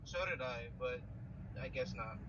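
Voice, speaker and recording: A man's voice: mid-range voice, monotone, unhurried, pushed and bright, a little hiss or hum. A young man appearing as a podcast guest over a distorted, robotic-sounding phone line, giving short, terse replies. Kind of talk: casual podcast chat.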